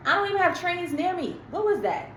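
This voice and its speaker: A woman's voice: very high voice, big pitch swings, a little fast, a bit bright, reverberant, a little hiss or hum, low-quality recording. A woman giving a casual tarot reading to her viewers, chatty and emphatic, with slangy asides. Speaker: tarot reader.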